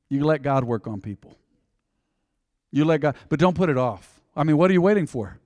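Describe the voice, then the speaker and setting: A male pastor preaches in a folksy, chatty way, slipping into short acted-out exchanges between people. His voice sits fairly high for a man. It carries a long hall reverb over an otherwise dry close sound. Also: animated, fairly quick, a little mellow. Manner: folksy and conversational, acting out little dialogues. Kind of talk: sermon.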